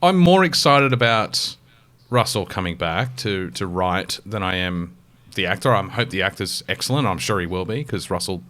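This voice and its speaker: A man's voice: sits low, expressive, moderate pace, a bit bright. A man with an Australian accent co-hosting a podcast, rambling enthusiastically and swearing casually as he chats. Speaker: podcast co-host. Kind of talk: casual chat.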